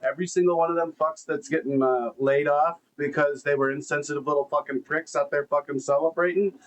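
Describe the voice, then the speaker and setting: A man's voice: fairly high pitch, fairly even intonation, fairly quick, poor audio. A man hosting casual reaction commentary, blunt, laid-back and profane.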